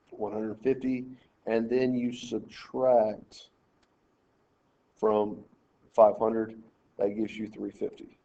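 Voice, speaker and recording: A man in a recorded math lesson works each problem aloud step by step and tells his students how to set out their work. His voice is mellow and dark-toned. The audio is dull and lo-fi, like a screencast mic. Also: on the low side. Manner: talks through problems step by step, directing students. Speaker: math teacher.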